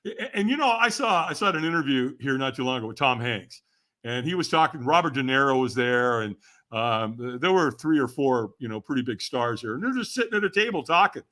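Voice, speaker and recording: An older man, a podcast guest, telling stories in a casual interview, animated and often laughing as he talks. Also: medium pitch, brisk.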